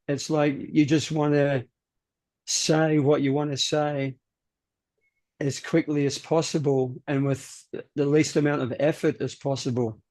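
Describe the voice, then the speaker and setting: A man with an Australian accent, chatting casually on a video call and explaining things slowly with examples. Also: on the high side. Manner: relaxed, explains with examples, repeats words. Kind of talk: casual chat.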